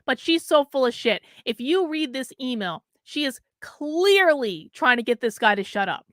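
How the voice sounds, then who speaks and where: A woman's voice: sits high, animated, normal speed, fairly bright tone, dry recording, clean studio sound. A woman hosting a political commentary show, reading news stories aloud and breaking in with sarcastic, scornful asides that ramble.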